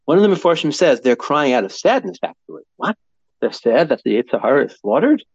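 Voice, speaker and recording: A man's voice: on the high side, a little fast, breathy edge, dry recording. A man giving a Torah lecture, asking and answering his own questions and acting out the voices he quotes. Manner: animated, acts out quoted voices, asks and answers himself. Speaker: Torah teacher. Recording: dry, dull lo-fi sound.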